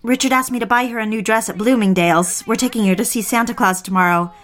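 An actress playing a nervous young bride-to-be in an audio drama, speaking in a hesitant, self-conscious way. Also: female voice, on the high side, fast talker, fairly bright tone, natural voice. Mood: anxious. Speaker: lead character.

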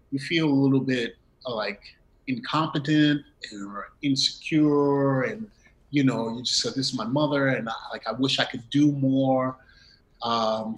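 Animated middle-aged man telling a story. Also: mid-range voice, rough recording. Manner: animated, acts out quoted dialogue with laughs. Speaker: interview guest. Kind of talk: personal storytelling in conversation.

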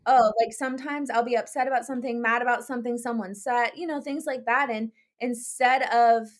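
A young adult woman co-hosting a podcast in casual chat, talking in a relaxed way full of "like" and "you know". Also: fairly high pitch, a little fast. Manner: chatty, many fillers like "like" and "you know". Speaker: podcast co-host.

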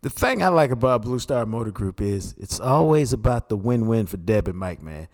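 Mellow-voiced male sports co-host. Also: on the low side, moderate pace. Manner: steady, conversational, says "man" often. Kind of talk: casual football analysis.

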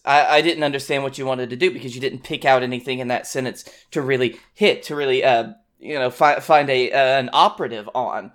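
A man's voice: mid-range voice, fairly quick, few pauses, a bit bright. A man in his twenties co-hosting a casual podcast, speaking reflectively and rambling a little as he remembers. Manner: reflective, rambling with many fillers and restarts. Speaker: podcast co-host. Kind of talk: casual chat.

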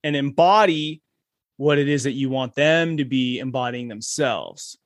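A man hosting a podcast in casual chat, relaxed and laughing along, saying dude. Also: medium pitch, measured pace, no echo, studio quality. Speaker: podcast host.

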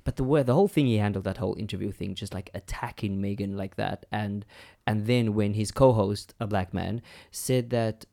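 A young man co-hosting a podcast in a loose, candid chat. His voice sits a little low. He talks with animated frankness, swears freely and breaks into laughter. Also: normal speed, gravelly. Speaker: podcast co-host. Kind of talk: casual chat.

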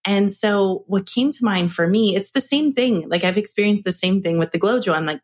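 A woman hosting a podcast, chatting in a quick, enthusiastic and encouraging way. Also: mid-range voice. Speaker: podcast host. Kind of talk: casual chat.

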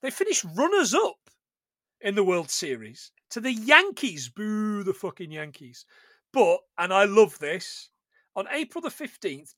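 A man hosting a casual podcast chat, joking, swearing and putting on quick voices for the characters he retells. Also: sits high, bright, forceful tone, dry recording. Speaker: podcast host.

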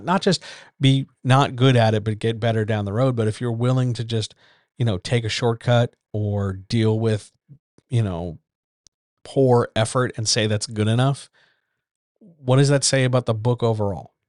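A man's voice: mid-range voice, steady tone, moderate pace, no room sound, studio quality. A man hosting a casual writers' chat from a small home room, bluntly lecturing with rhetorical questions. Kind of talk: casual advice monologue. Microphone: decent USB-style desk microphone.

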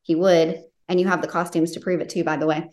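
A woman's voice: fairly low pitch, little pitch movement, fast talker, darkish tone. A woman hosting a podcast interview, gushing with heartfelt praise for her guest and getting emotional. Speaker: podcast host and author. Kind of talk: casual interview chat.

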